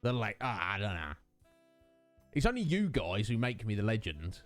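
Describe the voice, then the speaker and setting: A man's voice: on the low side, sing-song, normal speed, faint music behind. A young man hosting a casual stream, rambling with lots of fillers and self-mocking asides. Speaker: livestream host. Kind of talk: casual chat with viewers.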